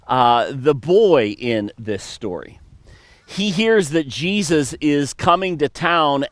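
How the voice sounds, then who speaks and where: A man preaching a sermon as pastor, telling a story and briefly acting out the characters with sudden jumps in pitch. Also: no echo.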